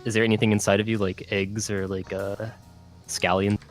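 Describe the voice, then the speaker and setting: A man's voice: on the low side, level tone, fairly quick, soft background music. A man casting a video game match live, teasing his co-caster with questions. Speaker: esports caster.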